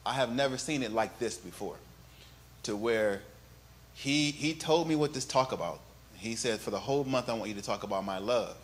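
A male pastor preaching a sermon, moving from quiet, conversational telling to loud, sing-song preaching and calling on the congregation to repeat after him. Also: mid-range voice, normal speed, slight background noise. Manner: calls on the congregation to repeat phrases.

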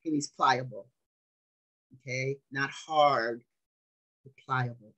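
A woman's voice: rumbling low, slow pace, long pauses, fairly bright tone, husky, poor audio. A woman preaching a sermon, speaking emphatically, repeating phrases for weight and putting questions to her listeners.

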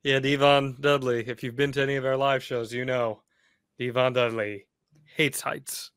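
A man co-hosting a podcast, asking questions and reminiscing like an excited fan, laughing easily. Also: medium pitch, moderate pace, smooth, no echo, clean studio sound. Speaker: podcast co-host. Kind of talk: casual chat.

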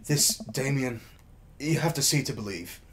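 A man voicing an anxious middle-aged teacher dad in a deliberately shaky put-on British accent. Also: mid-range voice, animated, fairly bright tone, a little hiss or hum, voice pushed down. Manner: hammy, self-mocking reading.

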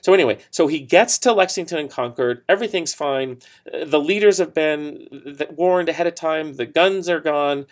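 A man gives a recorded history lecture in a relaxed storytelling way, full of "um", "right?" and small asides. His voice sits a little higher than most men's. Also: normal speed. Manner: conversational storytelling with fillers and asides. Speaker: history teacher.

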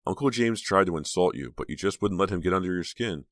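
A man's voice: low voice, no echo, studio quality, voice pushed up, lightly acted. A man voicing an earnest, anxious teenage girl in a storybook reading. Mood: admiring. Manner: earnest, quick to blush.

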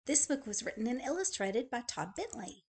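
Woman, librarian, story read-aloud, high voice, very lively, very slow. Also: breathy edge. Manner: gentle, friendly storytelling to young kids. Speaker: school librarian.

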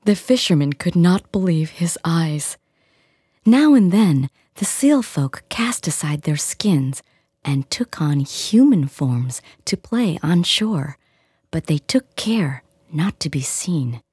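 A woman narrating a storybook in a soft, near-whispered hush. Her voice is low, dark and very breathy, and she reads slowly and gently. The recording is close and dry. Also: animated, dry recording. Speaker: audiobook reader.

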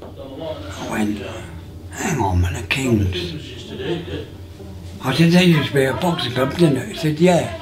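A man in his sixties tells his life story in a casual, halting way, with many restarts and fillers, and acts out remembered dialogue. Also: mid-range voice, lively intonation, a crowd in the background. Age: 60s.

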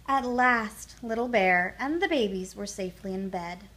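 A woman storyteller reading a children's picture book aloud in an expressive, sing-song way. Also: medium pitch, moderate pace.

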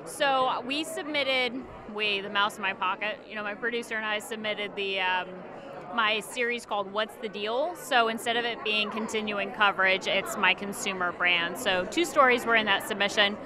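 A woman's voice: medium pitch, moderate pace, a crowd in the background. A woman TV consumer reporter who chats easily and explains her stories in detail. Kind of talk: casual interview.

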